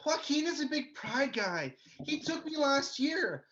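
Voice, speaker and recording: A woman's voice: high-pitched, very animated, unhurried, a bit bright, muffled recording, full character voice. A woman playing a naive kid who overshares in an innocent, matter-of-fact way.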